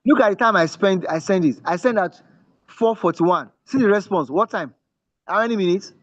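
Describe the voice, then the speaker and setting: Guy teaching an online class, fairly high voice, dry dull call audio, keeps asking if you can see. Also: moderate pace, no room sound. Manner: repetitive, checks in with listeners often; emphatic teaching tone. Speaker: instructor. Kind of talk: online class with screen share.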